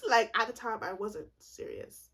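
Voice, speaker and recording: Woman in her twenties, casual storytime vlog, lively swooping pitch, rambling, profane, quick to laugh. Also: slightly rough. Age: 20s. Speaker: vlogger.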